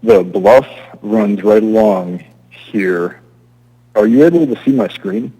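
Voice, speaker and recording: A man from Alaska, an applicant giving halting testimony at a zoning hearing over remote audio. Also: fairly low pitch, mellow, slightly rough, rough recording. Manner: halting, restarts often.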